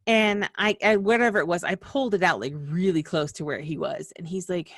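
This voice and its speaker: Hosting a small-business video, a woman from the western US talks through a rambling, chatty explanation full of asides and false starts. Her voice is on the low side yet a bit bright, fairly quick with lively intonation and hardly any pauses, in echo-free studio sound.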